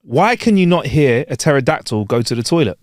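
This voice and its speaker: A man co-hosting a casual podcast, reading out groan-worthy jokes with playful deadpan timing. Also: medium pitch, fairly quick, no room sound, clean studio sound. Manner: playful, deadpan joke delivery. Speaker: podcast co-host. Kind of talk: casual chat, telling jokes.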